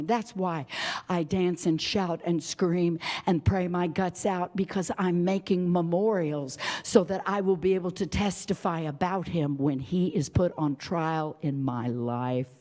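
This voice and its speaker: A woman's voice: fairly low pitch, measured pace, mellow. A woman preacher delivering an impassioned, dramatic sermon. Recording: reverberant hall.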